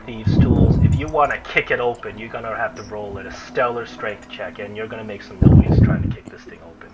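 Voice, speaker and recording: A man's voice: lowish voice, brisk, heavy background noise. A man running a tabletop game as game master, talking casually and often restarting his sentences.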